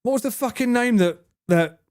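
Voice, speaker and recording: A man's voice: extremely high pitch, expressive, normal speed, darkish tone, smooth. A man streaming live, chatting casually with his viewers, swearing freely and laughing a lot as he answers chat.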